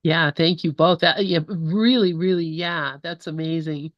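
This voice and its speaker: A woman's voice: low voice, steady tone, unhurried, no echo, muffled recording. A woman joining a casual group discussion over a video call, speaking eagerly and stumbling over her words. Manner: enthusiastic, stumbling, laughing at herself.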